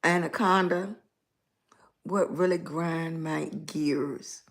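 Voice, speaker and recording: Slow-talking raspy Southern woman. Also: low voice, fairly even intonation. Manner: rambling, chatty, greets viewers by name. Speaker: lifestyle blogger live streaming. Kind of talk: casual livestream chat.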